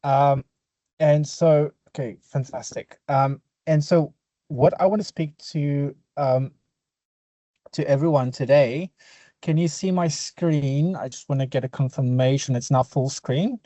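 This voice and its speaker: A man's voice: on the high side, mellow, no echo. A young man from South Africa with an Afrikaans accent, an urban planner giving an earnest webinar presentation over a video call. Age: young adult. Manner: earnest, quick, apologetic asides.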